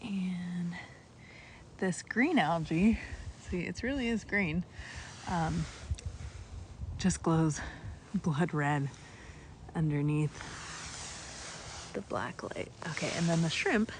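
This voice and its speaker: A woman giving live-streamed commentary on a night beach walk, bubbly and excitable as she points out sea creatures outdoors. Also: sits low, slow, long pauses, slight background noise. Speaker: naturalist guide on a live stream.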